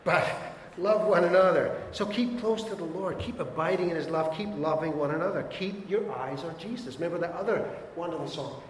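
Man, pastor preaching, fairly high voice, emphatic repeated urgings, roomy hall with long reverb. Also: brisk, slight background noise. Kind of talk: sermon. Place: church hall.

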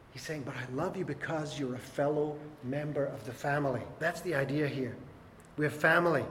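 A man's voice: fairly high pitch, a little hiss or hum. A man preaching a sermon as pastor, earnest and emphatic, asking the congregation questions. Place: church hall. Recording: echoey hall with long reverb.

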